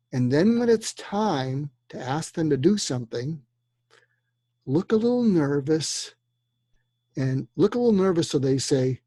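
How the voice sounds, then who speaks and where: An older man giving persuasion advice in a relaxed interview, acting out the lines he suggests people say in a calm, coaching way. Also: a little high, normal speed, dry recording. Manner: acts out quoted dialogue in a calm coaching tone. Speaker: guest expert on persuasion.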